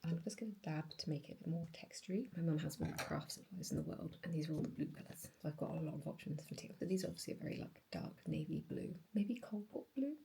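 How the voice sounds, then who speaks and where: A woman's voice: sits low, sing-song, fast, vocal fry, hardly any pauses, dark tone, slight background noise. A young woman, chatting casually through her week in a vlog while she crafts and sorts her collections. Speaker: vlogger.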